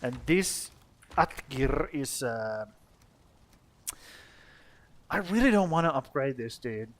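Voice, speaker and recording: A man's voice: mid-range voice, lively intonation, slow, fairly bright tone. A young man from Finland giving casual gameplay commentary, swearing freely, joking and talking to his character. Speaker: let's play gamer.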